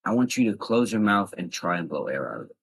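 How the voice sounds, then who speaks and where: A young man with a very low, husky voice talks casually through voice tips. He rambles a little and leans on fillers as he explains, keeping things relaxed and informal. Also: quick pace, low-quality recording. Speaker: voice tips vlogger. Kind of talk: casual instructional talk.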